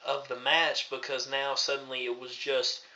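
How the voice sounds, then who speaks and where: A man from Tennessee hosting a casual review vlog, rambling with many pauses and restarts. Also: medium pitch, monotone, bright, forceful tone. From Tennessee, USA. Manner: rambling, lots of ums and restarts. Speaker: host. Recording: dull lo-fi recording.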